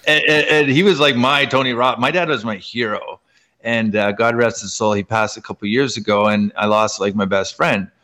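A man from Canada speaks as a guest in a relaxed interview, telling stories from his life. His voice sits low, but it leaps upward whenever he gets excited. He peppers his sentences with "like" as he goes. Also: normal speed. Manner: animated, pitch jumping up in excitement; heavy use of "like" as filler. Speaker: guest author. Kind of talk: casual storytelling conversation.

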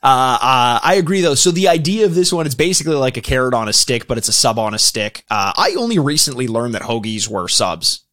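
A man's voice: mid-range voice, lively intonation, a little fast, hardly any pauses, a bit bright. A Canadian man co-hosting a podcast, chatting casually with lots of restarts, laughs and swearing. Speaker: podcast co-host. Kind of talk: casual podcast chat reviewing a show.

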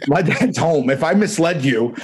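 A man in his forties tells a long anecdote as a guest on a podcast. He rambles, restarts his sentences and breaks into laughter. His voice sits a little high for a man. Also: noisy background. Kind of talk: casual storytelling.

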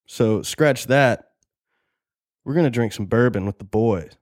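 A man's voice: medium pitch, measured pace, long pauses, no echo, clean studio sound. A young man hosting a podcast, rambling and joking in a casual, profane monologue. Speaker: podcast host.

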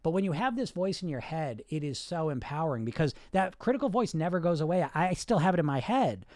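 A man's voice: on the high side, animated, quick pace, a little mellow, no room sound, clean studio sound. A man coaching on weight loss in a live podcast monologue, blunt and profane, acting out the inner voices he talks about.

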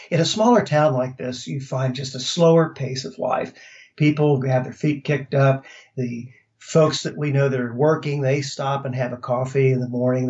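A man from the United States, talking as a guest in a relaxed, storytelling way with a few restarts. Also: medium pitch. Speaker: interview guest. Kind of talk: casual conversation. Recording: slightly dull lo-fi sound.

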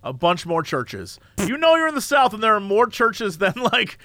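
A man in casual comedic chat, animated and laughing often. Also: high voice, moderate pace, no echo.

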